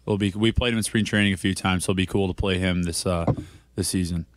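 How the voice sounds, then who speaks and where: A man's voice: deep voice, fast talker. A young man, a baseball player guest, talking casually with lots of fillers. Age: young adult. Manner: relaxed, filler-heavy. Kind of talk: casual interview chat.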